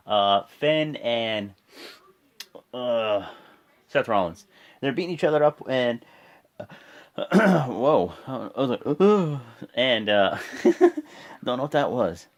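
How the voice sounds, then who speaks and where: Lively casual man recapping wrestling. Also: mid-range voice. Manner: rambling, self-correcting, acts out quotes. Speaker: wrestling show reviewer.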